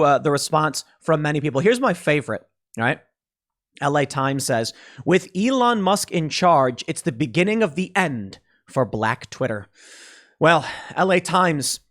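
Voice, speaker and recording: Animated opinionated man hosting a podcast. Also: a little high. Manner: emphatic, sarcastic. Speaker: podcast host. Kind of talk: opinionated commentary.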